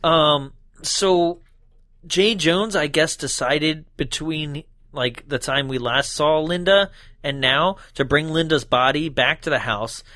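A man's voice: fairly high pitch, slow pace, sharp tone, dry recording, clean studio sound. A man recapping a movie in casual chat, laughing often and acting out characters in exaggerated voices. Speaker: podcast co-host.

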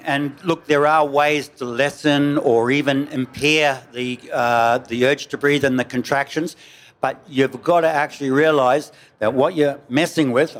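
A man, relaxed and anecdotal, answering questions about spearfishing with a story. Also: on the high side. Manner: relaxed, anecdotal, casual mild swearing.

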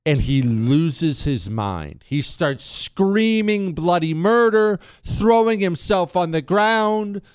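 A man hosting a political talk show, telling stories in an animated way and mimicking people in high voices. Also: slow pace, few pauses, clear, resonant tone, no echo, studio quality. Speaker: radio talk show host.

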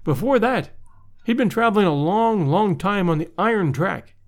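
A man reading a literary story aloud in measured, expressive audiobook narration. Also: high-pitched.

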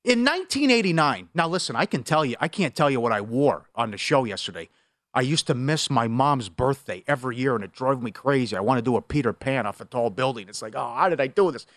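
A middle-aged man from Wisconsin hosting a casual sports betting radio show, telling animated stories with big swings in pitch. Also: a little fast, no echo, clean studio sound. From Superior, Wisconsin.

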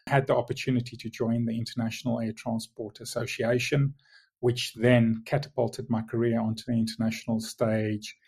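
South African man, measured interview guest. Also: medium pitch, flat delivery, vocal fry, darkish tone, husky. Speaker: guest, logistics executive. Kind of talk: remote podcast interview.

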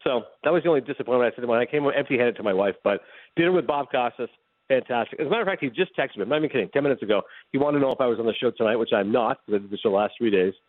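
A man's voice: medium pitch, dry recording. A man telling a long anecdote as a radio guest, acting out the lines of everyone in the story. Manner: animated, fast anecdote telling with acted-out dialogue. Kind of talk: casual storytelling chat. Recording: dry phone-line sound.

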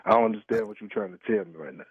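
A man's voice: lowish voice, very fast, husky, no echo. A man on a phone call, talking in a slangy, repetitive and indignant way as the target of a prank call. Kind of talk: heated phone argument. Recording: tinny phone line.

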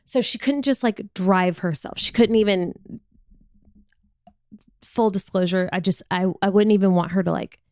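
Candid woman podcaster, smooth and dry. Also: mid-range voice, a little mellow, dry recording. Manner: frank, confessional, conversational. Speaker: podcast host. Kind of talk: candid personal storytelling.

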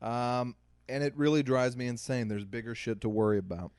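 A man's voice: medium pitch, brisk, darkish tone, clean tone, no room sound, studio quality. A man co-hosting a podcast, telling stories in an exasperated, casual way. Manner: storytelling, exasperated. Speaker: podcast co-host. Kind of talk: casual chat.

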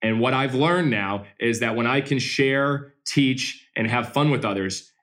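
A man who owns a baseball team, answering interview questions as an energetic, animated storyteller. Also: medium pitch, measured pace.

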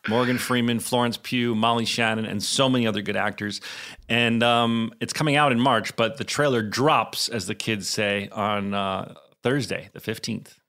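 Bright-voiced rambling male podcast host. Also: fairly low pitch, steady tone, normal speed. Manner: rambling, self-mocking, many restarts. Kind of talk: casual chat.

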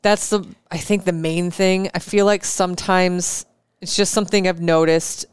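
A woman co-hosting a casual chat, calmly explaining running technique step by step. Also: on the low side, normal speed, clear, resonant tone, dry recording, studio quality. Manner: calm, explanatory. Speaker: podcast co-host.

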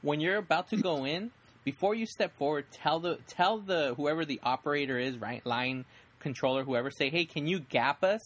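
A man's voice: a little high, moderate pace, a bit bright. A young man hosting a casual podcast, rambling enthusiastically with frequent restarts. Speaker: podcast host. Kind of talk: casual chat.

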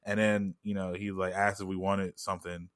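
A man's voice: low voice, flat delivery, normal speed, a bit bright, no echo, studio quality. A man telling a story in loose, slangy casual chat, full of "like" and "you know what I'm saying".

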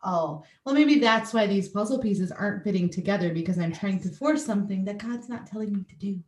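Excitable lady podcast host, lots of laughing, sounds far off the mic with a roomy echo. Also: medium pitch, brisk. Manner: enthusiastic, laughs often. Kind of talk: casual interview chat.

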